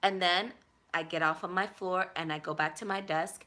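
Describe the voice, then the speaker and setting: A young woman vlogger telling a personal story in a casual, animated way, acting out her own inner voice. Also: lowish voice, normal speed.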